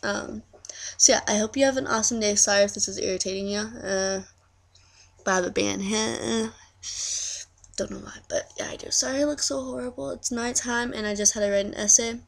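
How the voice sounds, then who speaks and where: A woman's voice: mid-range voice, a little fast, creaky. A teenage girl with a lisp, rambling in a casual birthday video message and poking fun at herself. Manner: rambling, self-deprecating, giggly. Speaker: vlogger.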